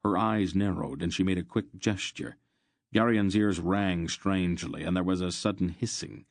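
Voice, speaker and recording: A man reading a fantasy novel aloud as an audiobook narrator, in steady, measured storytelling. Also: low-pitched, no room sound, clean studio sound.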